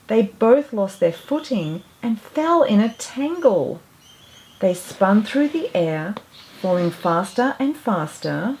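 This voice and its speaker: Slow, gentle woman reading a picture book. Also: medium pitch. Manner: gentle, expressive and unhurried. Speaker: storyteller.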